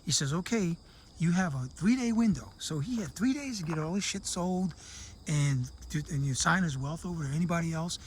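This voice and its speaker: A man's voice: on the high side, brisk, a little hiss or hum. A man casually telling a long joke to camera, acting out the characters in raised voices. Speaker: vlogger living abroad.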